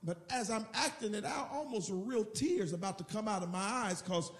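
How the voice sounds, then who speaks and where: A man's voice: high-pitched, moderate pace, echoey room. A man preaching a sermon as pastor, acting out the scene as he tells it. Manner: animated, acts out the scene in storytelling.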